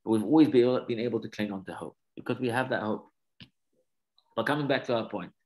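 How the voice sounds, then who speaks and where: Man of average pitch teaching scripture; animated storyteller, explains terms on the fly. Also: rough recording. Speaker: Torah teacher. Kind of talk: teaching a study class.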